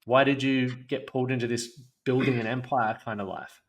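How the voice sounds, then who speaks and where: A man's voice: mid-range voice, fairly even intonation, normal speed. Earnest, reflective young male podcast host. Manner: reflective, earnest, casual swearing. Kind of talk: conversational interview.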